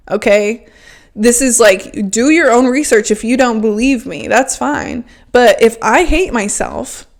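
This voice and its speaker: A woman hosting a podcast, talking frankly and emphatically in a casual self-help monologue, with lots of "like" fillers. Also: on the high side. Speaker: podcast host.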